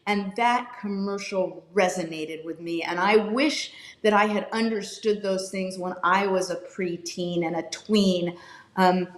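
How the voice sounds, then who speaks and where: A woman's voice: mid-range voice, fairly even intonation, measured pace, echoey room. A woman NFL analyst talking passionately and with emphasis as a guest on a video call interview.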